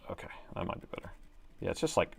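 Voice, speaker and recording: Whispering at a quick pace, a middle-aged man live-streams his repair work from an indoor bench. His commentary is casual and chatty, and he thinks aloud and mutters to himself throughout.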